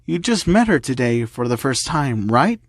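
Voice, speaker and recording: A man's voice: mid-range voice, very animated, normal speed, dry recording, clean studio sound, pitched below the performer's own voice. A man reading the lines of a playful, teasing teenage girl classmate.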